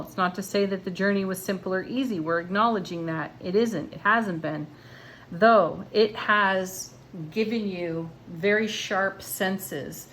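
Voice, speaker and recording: A woman giving a tarot card reading in a gentle, encouraging, spiritual manner. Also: lowish voice, slight background noise. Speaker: tarot reader.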